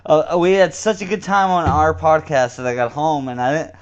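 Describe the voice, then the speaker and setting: A young man chats loosely as a podcast co-host, his high voice climbing as he laughs. His speech runs a little slurred, and he rambles through stories, cursing freely. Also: fairly even intonation, normal speed, clean tone, lo-fi sound. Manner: rambling, laughs often, swearing. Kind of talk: casual chat.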